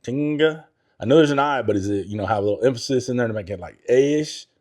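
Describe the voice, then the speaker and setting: A man's voice: lowish voice, very fast, a little mellow. A man hosting a casual home cooking vlog in a chatty, self-mocking way, stumbling over words as he talks through a recipe in his kitchen. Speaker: cooking channel host.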